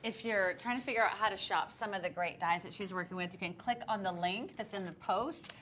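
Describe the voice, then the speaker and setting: Upbeat bright-voiced shopping channel host. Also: female voice, medium pitch, a little fast, slight background noise. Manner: upbeat, encouraging, short affirmations. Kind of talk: live shopping presentation.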